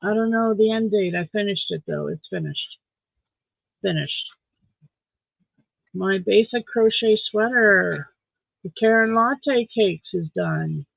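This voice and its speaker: A man's voice: sits high, unhurried, vocal fry, no echo. A man from Saskatchewan, Canada, hosts a casual late-night live stream from home, reading viewer comments aloud, answering them, and talking to his dog. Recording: dry, phone-like sound.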